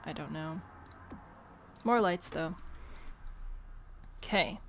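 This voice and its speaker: A woman's voice: sits low, slow pace, vocal fry, a little hiss or hum. A young woman giving casual, rambling gameplay commentary, thinking aloud and poking fun at herself. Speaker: gameplay host.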